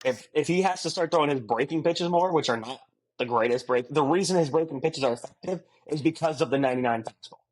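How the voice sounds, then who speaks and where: A man co-hosting a casual sports podcast, animated and quick to laugh. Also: on the high side. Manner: animated, laughs often, does joking voices. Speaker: podcast co-host.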